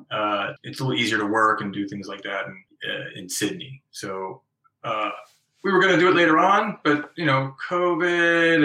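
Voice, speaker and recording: A man's voice: mid-range voice, sharp tone. Chatty American man on an echoey call. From Northeast US. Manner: chatty, self-deprecating, many restarts. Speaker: guest author. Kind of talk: casual interview over a call. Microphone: remote call from abroad.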